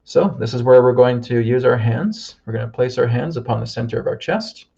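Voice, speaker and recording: A man leading a live group healing session, giving slow, soothing guided instructions and often checking in with "okay?". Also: mid-range voice, gravelly, dark tone, dull audio.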